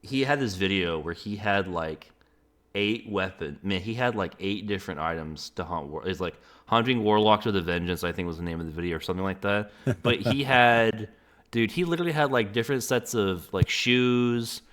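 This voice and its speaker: Male interviewer, casual gaming talk, slightly low voice, eager and rambling. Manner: excitable, fast storytelling with many fillers.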